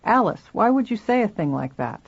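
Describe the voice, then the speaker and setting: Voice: very animated, fairly quick, breathy edge. A reader voicing a bewildered academic father. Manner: quoted lines read higher and louder. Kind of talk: read-aloud memoir dialogue. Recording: dull lo-fi recording.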